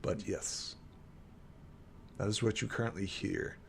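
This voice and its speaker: A man's voice: on the low side, fairly even intonation, unhurried, creaky, slight background noise. A man narrating as game master in a tabletop game, rambling with many fillers.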